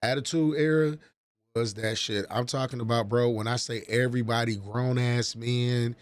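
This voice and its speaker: A man's voice: medium pitch, steady tone, normal speed, no echo. A man in his forties chatting casually on a livestream, profane and rambling as he reminisces. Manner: profane, rambling, nostalgic storytelling. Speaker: livestream host.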